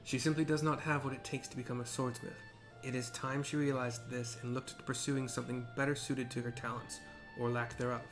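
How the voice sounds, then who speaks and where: A man voicing a stern, disdainful master swordsmith and father in a game, reading his lines in a formal, measured way at an ordinary pitch. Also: flat delivery, over music, lightly acted.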